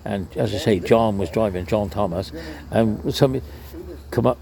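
Gravelly old Cornish storyteller. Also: male voice, on the low side, normal speed, a crowd in the background. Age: older. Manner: chatty, restarts, mild swearing. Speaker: interviewee. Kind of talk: rambling storytelling.

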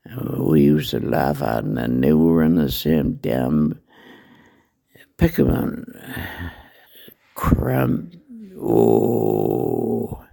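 Old guy spinning a yarn, real gravelly and husky, takes his time. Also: rumbling low, sing-song, dark tone. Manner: slow, meandering, salty dialect storytelling. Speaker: storyteller guest. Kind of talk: rambling anecdote telling. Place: hospital room.

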